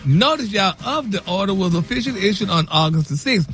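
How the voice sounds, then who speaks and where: A man's voice: high voice, animated, a little fast, fairly bright tone, soft background music. A man reading celebrity news on a radio morning show, sassy, dropping "y'all" and "honey" throughout.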